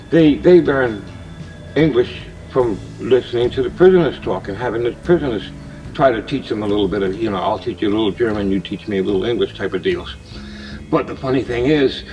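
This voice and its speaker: A man casually pitching a movie idea in a meandering monologue, with restarts and uneven loudness. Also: recorded from a distance, poor audio.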